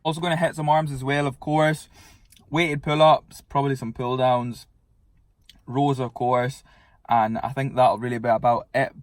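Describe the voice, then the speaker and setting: Young male fitness vlogger; casual, blunt, sweary; medium pitch, dry room. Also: little pitch movement, moderate pace, no echo. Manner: laid-back, swears freely. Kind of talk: casual vlog chat.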